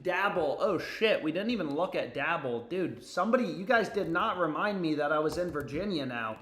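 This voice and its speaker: Excitable young man, echoey room. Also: on the high side, normal speed. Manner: excitable, swears, talks to himself. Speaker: sports betting streamer. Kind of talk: casual livestream talk. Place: home.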